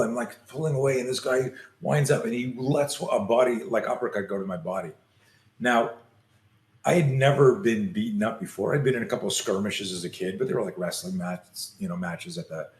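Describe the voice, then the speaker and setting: In an interview, a male self-defense coach tells a story with animation, acting out each scene along the way. His voice is medium in pitch, and the recording has noticeable reverb.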